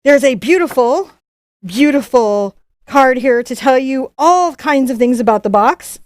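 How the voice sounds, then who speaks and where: A woman's voice: a little high, dry recording, studio quality. A woman, a professional artist, hosting a live unboxing, chatting in a bubbly, gushing way. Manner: bubbly, gushing, quick bursts of excitement. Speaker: professional artist and YouTube host.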